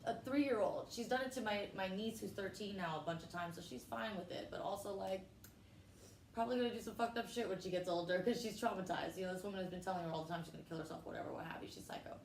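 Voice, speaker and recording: A female comedian, appearing as a guest, tells a wild family story in casual conversation, brash and profane, acting out each quote. She talks quickly in a slightly mellow mid-range voice, recorded in an echoey room with faint noise.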